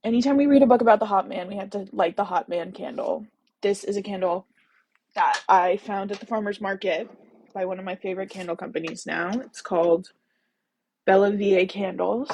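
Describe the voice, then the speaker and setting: A woman's voice: mid-range voice, fairly quick, a little mellow, rough recording. A woman hosting a book-reading livestream, chatting casually and bubbly with viewers, full of jokey asides. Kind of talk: casual live chat with viewers.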